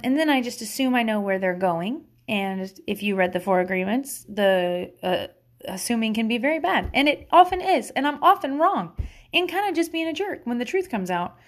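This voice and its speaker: A woman talking as a mother giving parenting advice in a casual monologue, blunt, swearing freely, laughing and wandering off on tangents. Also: a little high.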